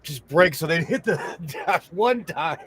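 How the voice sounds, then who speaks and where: A talkative man with a voice sitting a little high for a man chats casually as co-host. He laughs easily as he tells his stories, over a faint hiss of background noise. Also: expressive, measured pace, a bit bright. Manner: chatty, laughs often while telling stories. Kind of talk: casual chat.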